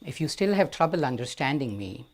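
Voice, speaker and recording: A man with an Indian accent tells a story to a gathered crowd, taking his time over each phrase. His pitch sits in the middle range, and he slips in dry, self-mocking jokes between the sacred parts. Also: sing-song. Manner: slow and deliberate, with wry humor. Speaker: guest storyteller. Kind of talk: live storytelling to an audience. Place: amphitheater.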